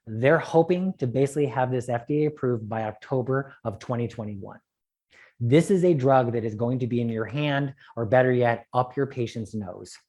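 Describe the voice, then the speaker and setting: A man lecturing on eye treatments at a conference, animated and joking, with quick asides. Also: mid-range voice. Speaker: optometrist lecturer.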